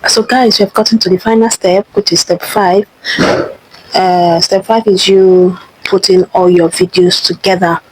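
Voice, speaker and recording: A woman's voice: on the low side, flat delivery, moderate pace, noisy background. A young woman hosting a screen-recorded tutorial, chatty and instructive, often repeating herself. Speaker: tutorial host.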